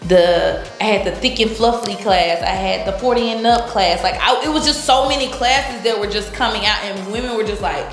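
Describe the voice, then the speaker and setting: A woman's voice: medium pitch, roomy sound. A woman being interviewed, telling her story casually and acting out what people said, laughing often. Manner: animated, acts out quotes, laughs often. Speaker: interview guest.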